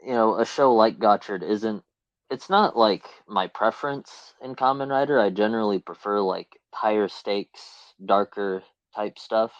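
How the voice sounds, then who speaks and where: A young man co-hosting a casual podcast, speaking in a measured, agreeable way. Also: lowish voice, no echo, dull audio. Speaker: podcast co-host.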